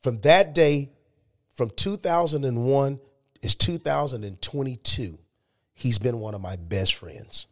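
A man tells his story as a podcast guest in a mid-range voice. He speaks with animated emphasis, building excitement as he goes. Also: mid-range voice, a little slow. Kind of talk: storytelling interview.

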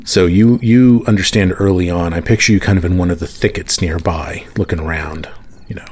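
A man's voice: deep voice, steady tone, a little fast, darkish tone, breathy edge. A man narrating as game master of a tabletop game, easygoing, with many fillers.

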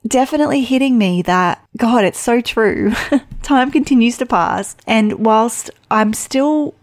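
Solo woman podcast host in her 30s, reflective and heartfelt, gravelly fry in the voice, dry close sound. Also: on the high side, dry recording. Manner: heartfelt, reflective, quick chatty delivery. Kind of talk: personal podcast monologue.

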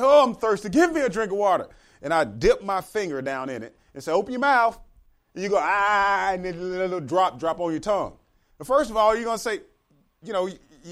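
A man's voice: on the high side, a bit bright. A man preaching a sermon as pastor, talking to the congregation and acting out the voices of the characters in the story.

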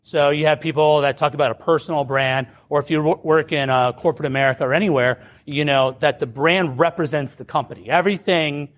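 A man's voice: a little high, brisk, few pauses. A man telling a personal story in a talk, informal, with lots of "like" fillers and restarts. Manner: informal, many "like" fillers and restarts, lively retelling. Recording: roomy, distant mic, faint background noise.

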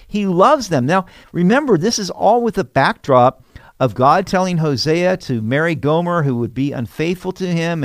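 A male pastor teaching through the Bible in a measured, explanatory way, reading each verse before unpacking it. His voice sits a little high for a man. The recording is dry and close, with no room echo. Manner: reads scripture then explains it plainly.

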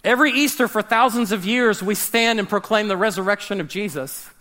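A man preaching a sermon, animated, swinging between loud emphasis and hushed, dramatic drops. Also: sits high, fairly quick. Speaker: pastor.

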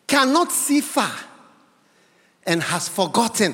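A man from Ghana preaching a sermon in a church hall, building to shouted, sing-song emphasis. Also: very high voice, lively intonation, measured pace.

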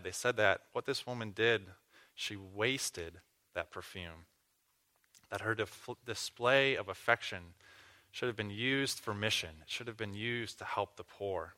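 A man preaches a sermon, walking his listeners through a passage. His voice is bright and forward, and he teaches earnestly, asking questions and restarting phrases as he goes. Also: fairly low pitch. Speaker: pastor.

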